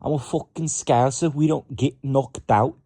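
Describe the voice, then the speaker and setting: A man voicing a boastful male English fighter who swears and brags loudly. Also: medium pitch, fairly even intonation, unhurried, no echo, clean studio sound, voice pushed up. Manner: shouty bragging, swearing.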